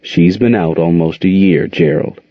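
A man voicing a patient older aunt who is raising her nephew and speaks to him softly and soothingly. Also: low-pitched, unhurried, dry recording. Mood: gentle. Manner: soft, soothing, calls him child. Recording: dull lo-fi recording.

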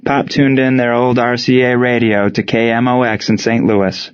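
A steady male audiobook narrator. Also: mid-range voice, moderate pace, smooth, lo-fi sound.

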